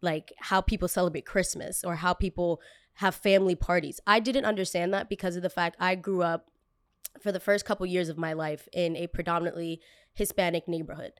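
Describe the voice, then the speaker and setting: A woman's voice: fairly low pitch, fairly even intonation, a little fast, no echo. A young woman from a Colombian family in the United States, telling stories about her childhood on a casual podcast, full of "like" fillers and blunt swearing. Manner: chatty, frequent "like" fillers, swears freely. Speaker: podcast host. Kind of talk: casual storytelling.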